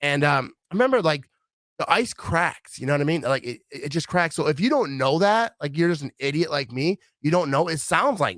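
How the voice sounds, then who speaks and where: Brief: middle-aged Midwestern-born man, lively swinging delivery, dry close recording. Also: fairly high pitch, a little fast, no echo. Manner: rambling, animated, acts out quoted voices. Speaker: vlogger. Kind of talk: casual rambling monologue.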